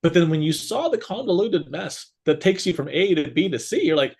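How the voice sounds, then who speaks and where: A man's voice: fairly high pitch, a little fast, vocal fry, hardly any pauses, husky. A man co-hosting a casual business talk show, telling stories and acting out what people said, often laughing. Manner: animated storyteller, acts out quotes, laughs often. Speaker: podcast co-host.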